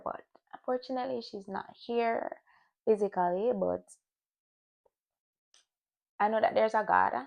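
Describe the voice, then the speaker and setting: Young woman with a gravelly, candid vlog voice. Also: medium pitch. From Jamaican family. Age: young adult. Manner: candid, reflective, restarts. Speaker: vlogger. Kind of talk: personal year-recap vlog.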